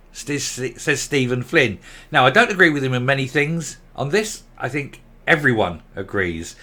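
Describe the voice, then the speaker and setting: Guy ranting about politics solo, bright forceful voice, sarcastic and mocking, reads a quote then tears into it. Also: medium pitch, very animated, a little slow. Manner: reads quotes aloud then rebuts them. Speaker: political commentator. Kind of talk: opinionated solo commentary reading news.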